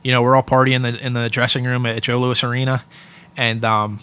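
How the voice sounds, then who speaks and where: A man's voice: medium pitch, flat delivery, a little fast, pushed and bright, smooth. A man in his thirties from Pittsburgh, a podcast guest telling stories in an easygoing, filler-heavy way. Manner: easygoing storytelling with many fillers. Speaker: podcast guest, hockey equipment staff. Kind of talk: casual podcast interview.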